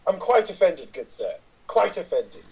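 A woman's voice: fairly low pitch, very animated, a little slow, vocal fry, a little mellow, breathy edge, distant mic, exaggerated voice, low-quality recording. A woman voicing a male adventurer who speaks in a prim, stuffy, old-fashioned posh manner.

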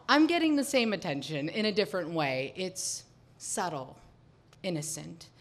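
Wry woman telling a personal story. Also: lowish voice. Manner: wry, confiding, with laughing asides.

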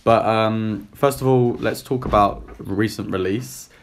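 A man with a slightly croaky, low voice hosts a casual film podcast. He chats loosely and jokes at his own expense. A faint hum of background noise sits behind him. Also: unhurried. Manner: relaxed, chatty, self-deprecating. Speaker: podcast host. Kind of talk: casual film review chat.

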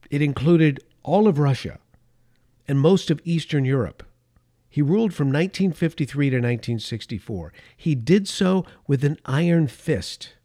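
A man, middle-aged or older, delivering an opinion monologue as a political commentator, emphatic, repeating key phrases for stress and dropping into soft asides. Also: mid-range voice.

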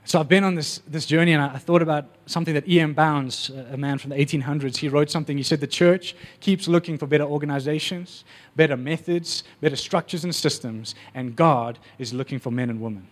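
A man preaching a sermon, telling stories with animated energy and acting out the voices. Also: a little high, brisk, few pauses.

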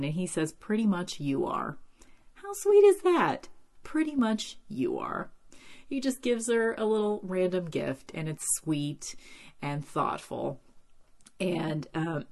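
Chatty low-voiced woman recapping TV. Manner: chatty, many "like" and "um" fillers, animated asides. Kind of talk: casual TV episode recap.

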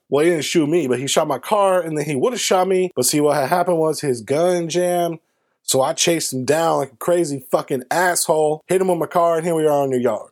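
A man telling a comedic story in a profane, animated way. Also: moderate pace. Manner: animated, profane, swings into high put-on voices. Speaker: storyteller host.

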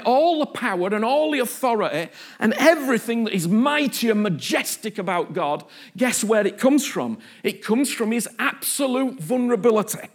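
A man preaching a passionate sermon, often acting out the voices of the people he quotes. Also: very high voice.

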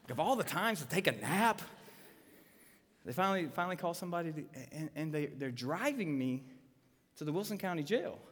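In a slightly high voice, going a little fast, a man in his thirties preaches live and brings a story to life by performing the lines of the people in it. His animated delivery echoes with the long reverb of a church hall.

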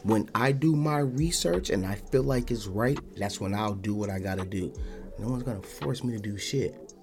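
Podcast guy ranting blunt and defiant, lowish voice, cusses a lot, lots of restarts. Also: moderate pace, over music. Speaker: podcast host. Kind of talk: casual podcast monologue.

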